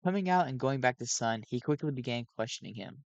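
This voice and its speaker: A sleep-deprived man reads a fan story aloud into a cheap home mic, often stumbling and correcting himself. His medium-pitched voice is fast with lively intonation, and the sound is lo-fi with no echo.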